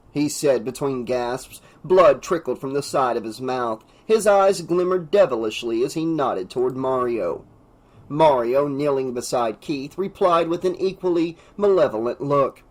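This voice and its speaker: A man's voice: lively intonation, measured pace, low-quality recording. Man narrating a slasher audiobook. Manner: voices characters with raised pitch and louder shouts. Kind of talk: unabridged audiobook reading.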